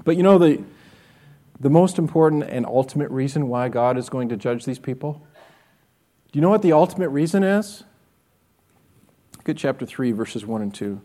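A man's voice: mid-range voice, expressive, normal speed, pauses often, dark tone. A man preaching a sermon as pastor, earnest and direct, often asking his listeners rhetorical questions. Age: adult with children.

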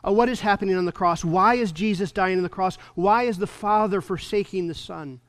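High-voiced man preaching a sermon. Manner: measured preaching with rhetorical questions. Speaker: pastor.

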